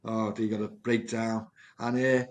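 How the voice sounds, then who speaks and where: A man, a project manager telling earnest stories from his work in a conversation. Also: lowish voice. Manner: earnest, animated storyteller with quick repeats. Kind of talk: storytelling in conversation.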